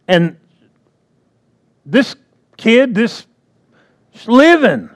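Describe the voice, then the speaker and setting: A man's voice: high-pitched, expressive, takes it slowly. A man preaching a sermon in a conversational way, often checking in with the congregation. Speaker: pastor.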